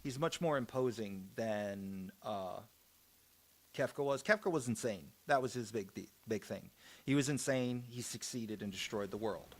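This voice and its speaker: A man's voice: lowish voice, unhurried. A young man streaming a game, chatting casually about it and often restarting his sentences midway.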